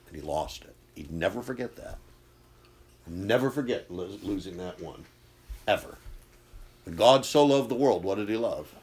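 Impassioned low-voiced male preacher. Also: a little hiss or hum. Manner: impassioned, swinging from loud bursts to hushed intensity. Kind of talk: sermon.

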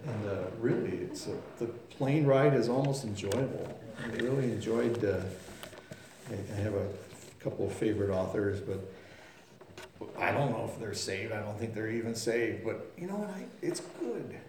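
A man's voice: lowish voice, moderate pace, noisy background. A man preaching a sermon in a folksy, storytelling way, acting out voices and sounds. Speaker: pastor. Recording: very echoey room.

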